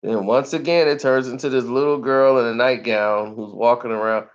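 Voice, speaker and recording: A man reviewing a movie in casual talk, animated and laughing often as he acts out scenes. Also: mid-range voice, moderate pace, highs cut off.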